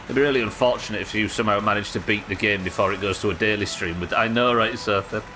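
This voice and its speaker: A man's voice: fairly low pitch, fast talker, noisy background. A man chatting casually and joking while he plays a game on a live stream. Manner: chatty, joking, swears freely. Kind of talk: casual gameplay commentary.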